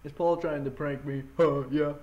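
A man's voice: on the high side, steady tone, a little slow, a bit bright, dull audio. A man casually commentating a game at home, chatting and eating with his mouth full, speaking right into a close microphone. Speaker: gaming channel host. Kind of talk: casual let's-play commentary. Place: home, indoors. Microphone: mic pressed right up against his mouth.

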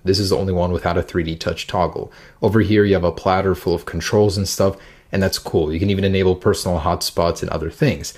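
A man's voice: low-pitched, steady tone, fast talker, a little mellow. A man giving a casual, upbeat and chatty walkthrough as a tech reviewer.

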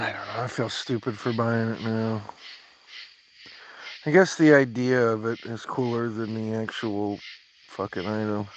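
A man's voice: mid-range voice, slight background noise, low-quality recording. A man streaming casually from his yard at night, rambling and swearing freely as he chats. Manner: rambling, profane, laughs often. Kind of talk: casual livestream chat.

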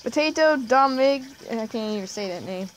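Woman, casual game commentary, giggly, fairly high voice, trails off quietly. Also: lively intonation, brisk, a little hiss or hum. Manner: chatty and giggly, trails off quietly at the ends of sentences. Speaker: gameplay vlogger.

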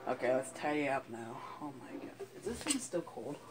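A man playing a video game, commenting as he plays, often frustrated, swearing, laughing and yelling at the game. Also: mid-range voice, big pitch swings, normal speed, noisy background. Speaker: gaming YouTuber. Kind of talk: let's play commentary. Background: game music.

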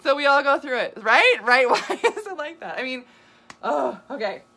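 A woman nutrition coach hosting a live video, answering viewer questions in an animated, chatty way with lots of asides and laughs. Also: high voice, normal speed, husky. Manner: animated, gesturing a lot while talking.

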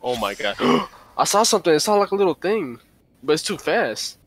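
A man casually commentating a horror game, joking with loud exclamations. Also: fairly high pitch, sing-song, normal speed. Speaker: gaming streamer. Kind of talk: casual let's-play commentary.

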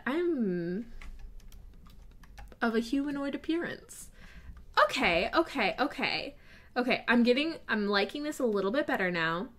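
A young woman chats through a timed building game in a casual, self-mocking way, laughing at her own mistakes. Her voice sits a little high, and she talks slowly and drawn-out, often trailing off in nervous asides. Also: very animated, fairly bright tone. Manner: self-deprecating, nervous, giggly. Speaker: gaming YouTuber. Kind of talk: casual commentary while building. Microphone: desk mic with face cam.

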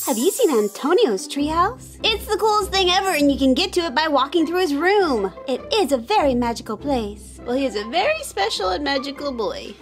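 A woman's voice: high-pitched, big pitch swings, a little fast, hardly any pauses, faint music behind. A woman doing giddy cartoon kids. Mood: excited. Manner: giddy, exclaiming.

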